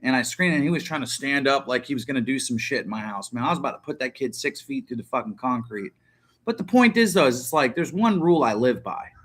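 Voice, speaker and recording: Bright-voiced, profane man in his thirties. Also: mid-range voice, animated, fast talker. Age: 30s. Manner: profane, rambling and blunt. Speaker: livestream host. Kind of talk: casual livestream chat.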